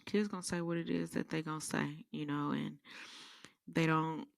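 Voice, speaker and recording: A woman's voice: sits low, normal speed, creaky, no room sound, clean studio sound. A woman podcast host telling sassy, rambling comedic stories in a casual monologue. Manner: animated, rambling, sassy storytelling.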